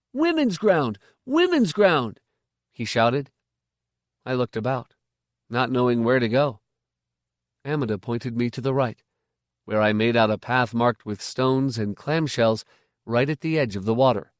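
Measured male audiobook narrator, dry sound. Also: medium pitch, no room sound. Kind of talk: first-person novel narration.

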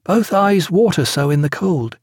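Young naval officer, shrill, high-pitched, excited, very lively. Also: male voice, measured pace, vocal fry, dry recording, clean studio sound, heavily acted. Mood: urgent whisper. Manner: shrieking, urgent.

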